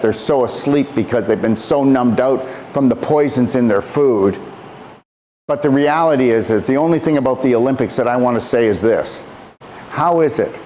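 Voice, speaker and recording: A man in a fervent motivational monologue as a natural health practitioner. He hammers his points with repetition, pushing his pitch up on emphasis and dropping it low for weight. His voice sits mid-range, with a faint hiss behind him. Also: darkish tone. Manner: preachy, emphatic, repeats phrases, swings between rising and dropping pitch.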